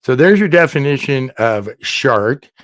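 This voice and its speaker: A man hosting a casual comedy chat, telling stories with animated energy. He jokes often and laughs his way through his tales. The voice sits mid-range and sounds dry and close. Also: medium pitch, unhurried, dry recording. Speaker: podcast host.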